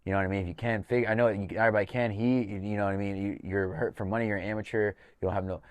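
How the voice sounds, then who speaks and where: Laid-back man telling a story, low voice. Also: flat delivery, racing, smooth, dry recording. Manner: loose and profane, acts out quoted dialogue. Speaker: podcast host and fight coach. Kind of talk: casual podcast storytelling.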